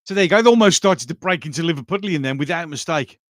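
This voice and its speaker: A middle-aged Birmingham man hosts a casual livestream, reading out chat with a blunt, bawdy humour and frequent laughter. His voice sits a little higher than most men's. The sound is dry and close, with no room around it. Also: expressive, quick pace, fairly bright tone, no echo. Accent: Birmingham (Brummie). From England.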